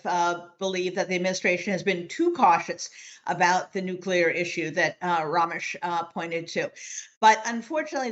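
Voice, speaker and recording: Woman lawyer on a panel, measured and opinionated, lots of ums, kinda muffled sound. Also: fairly low pitch. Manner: measured, opinionated, frequent filler pauses. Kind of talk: roundtable political discussion.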